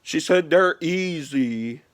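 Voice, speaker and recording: A man's voice: on the high side, takes it slowly. A man telling a story in a casual vlog, rambling and swearing freely, leaning on "like" as filler. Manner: rambling, profane, heavy use of "like". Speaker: gaming vlogger.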